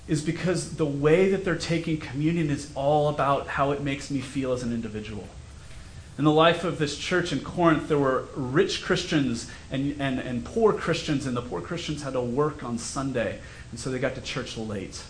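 A man's voice: mid-range voice, echoey room, a little hiss or hum. A male pastor preaching a sermon in a conversational, storytelling way. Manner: conversational, self-deprecating storytelling. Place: church sanctuary.

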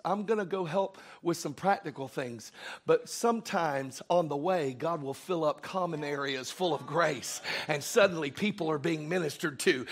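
A man's voice: fairly high pitch, fairly bright tone, husky. A middle-aged man preaching a sermon as pastor, telling a story with emphatic bursts.

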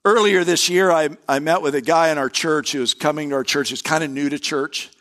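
A man with a fairly high voice preaches to his church congregation. He talks to them in an earnest, conversational way and often restarts his sentences. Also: fairly even intonation, brisk, a bit bright. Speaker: pastor. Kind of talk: sermon. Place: church service before a live congregation.

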